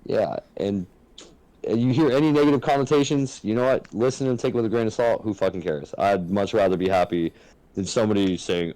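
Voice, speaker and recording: Man, podcast co-host, casual chat, frank, earnest, swears freely, lowish voice, dry close sound. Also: a little fast, dark tone, no echo, poor audio.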